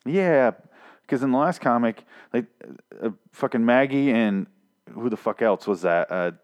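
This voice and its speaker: A man's voice: medium pitch, measured pace. A man recapping a comic in a casual, profane, sarcastic and rambling way. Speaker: podcast host recapping a comic.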